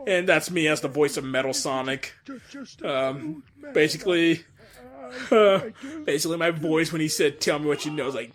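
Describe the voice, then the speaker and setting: Man for a loose commentary read: a slightly high voice, rambling and stammering, with frequent laughs. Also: normal speed, fairly bright tone. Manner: rambling, stammers and repeats words; laughs often between remarks. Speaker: fan dub director giving commentary. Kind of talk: casual audio commentary.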